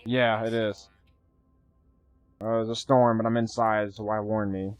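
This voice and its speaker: A man streaming live gameplay, chatty and excitable, thanking viewers and swearing casually as he plays. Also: lowish voice, a little slow, clear, resonant tone, no room sound, faint music behind.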